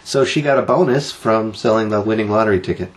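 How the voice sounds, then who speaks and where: A man's voice: fairly low pitch, fast. A man co-hosting a casual talk show, reading odd news stories and teasing his co-host. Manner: jokey, teasing, animated storytelling. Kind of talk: casual banter.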